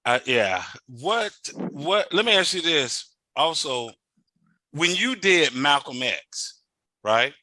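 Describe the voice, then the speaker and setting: Man, interview host, eager, casual chat, very bright sharp voice, dry sound. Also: a little high, sing-song, slow, no room sound.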